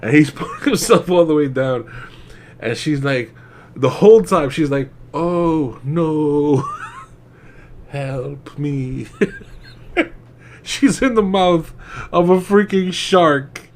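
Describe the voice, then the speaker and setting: A man's voice: on the high side, animated, a little slow, slight background noise. Young man, casual movie reviewer, rambling and profane, laughs often.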